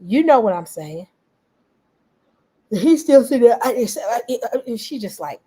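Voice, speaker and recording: Animated woman in casual commentary. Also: on the high side, unhurried, pauses often, rough recording. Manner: animated, talks back to viewers, quotes others in voices.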